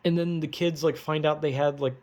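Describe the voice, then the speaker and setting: A man's voice: a little high, steady tone, a little fast, a little mellow. Rambling young man recapping a movie. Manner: rambling, profane, lots of fillers. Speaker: vlogger.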